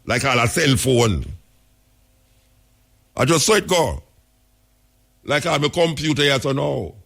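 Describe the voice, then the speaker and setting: A man's voice: medium pitch, animated, measured pace, vocal fry, a bit bright. A man with a Jamaican accent, hosting a talk radio show and telling stories in patois. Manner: storytelling in Jamaican patois, emphatic. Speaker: radio host.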